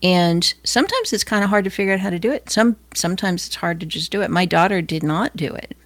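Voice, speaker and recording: A woman's voice: lowish voice, expressive, quick pace, dry recording. A middle-aged woman from Los Angeles giving an informal Christian devotional talk in a conversational way, with many fillers and restarts. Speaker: Christian speaker.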